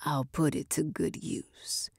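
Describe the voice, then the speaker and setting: A woman's voice: deep voice, fairly even intonation, slow, creaky, a little mellow, breathy edge, no room sound, in a whisper, voice pushed down, exaggerated voice. A woman voicing a smug, cruel male gambler who taunts in a sing-song way, read in a dry room. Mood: hushed gloating. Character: smug cruel man, cigar-chomping gambler boss.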